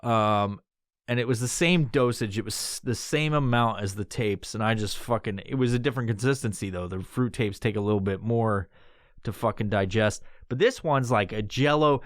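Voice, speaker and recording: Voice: mid-range voice, expressive, moderate pace, dry recording, clean studio sound. A podcast host telling a story in casual, profane talk, acting out the quotes with yelps and laughs.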